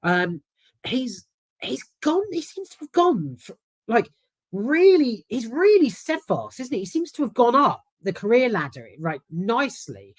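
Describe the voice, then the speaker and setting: A woman's voice: on the high side, very animated, measured pace, slightly rough, no echo. A woman with a London accent, casually giving a candid, swear-filled film review. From South London. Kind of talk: casual chat.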